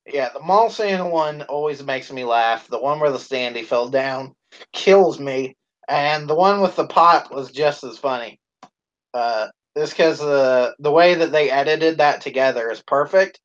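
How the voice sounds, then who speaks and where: A man co-hosting a live stream in casual chat, swearing a lot, laughing and shouting out quoted lines. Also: medium pitch, measured pace, dull audio. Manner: profane, laughing, acts out quoted lines loudly.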